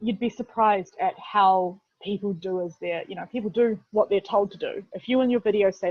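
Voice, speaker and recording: A woman with a New Zealand accent, head of video production, gives a casual instructional webinar, chatty and full of fillers, and she keeps saying "literally." Her voice is medium-pitched and brisk, heard over a video call with dull, dry, lo-fi audio.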